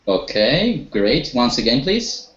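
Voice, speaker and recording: A man's voice: mid-range voice, big pitch swings, takes it slowly, fairly bright tone. A man teaching an online group English lesson, encouraging his students and leading them with questions, with some hesitations. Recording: echoey, dull online-call audio.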